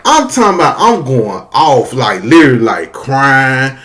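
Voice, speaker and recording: A man's voice: medium pitch, a little slow. A man telling a story casually and with lots of profanity, talking straight to his audience. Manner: animated, profane, addresses the audience as y'all.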